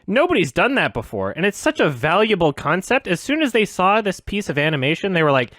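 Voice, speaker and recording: A man hosting a reaction video, ranting in an exasperated, sweary way, swinging between loud outbursts and low sarcastic muttering. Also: very animated, fairly quick, no echo, clean studio sound. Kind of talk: ranting commentary.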